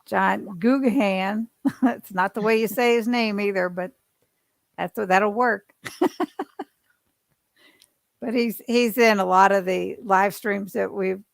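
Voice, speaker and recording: Woman, livestream host, gravelly fry, dry close sound. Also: medium pitch, steady tone, takes it slowly, pauses often, no echo. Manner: friendly, reads viewer comments aloud. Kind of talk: casual livestream interview.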